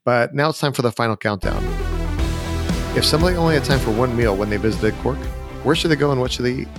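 A man hosting a travel podcast, asking quick questions and laughing along with his guest. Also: medium pitch, over music. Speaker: podcast host. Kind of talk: casual interview hosting.

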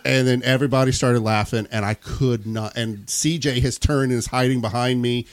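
A man hosts a casual podcast and tells stories in a rambling way, breaking into laughter as he goes. His voice sits in an ordinary middle pitch, and the sound is dry and close with no room echo. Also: fairly even intonation, normal speed. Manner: rambling storyteller, laughing through anecdotes. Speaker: podcast host. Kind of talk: casual chat.

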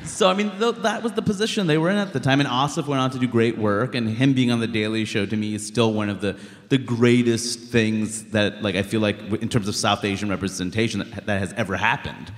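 His voice on the low side and his pace brisk, a thirty-something stand-up comedian from Queens, New York, speaks bluntly and animatedly in a live stage interview, using lots of "like" fillers. The recording comes from a reverberant live hall.

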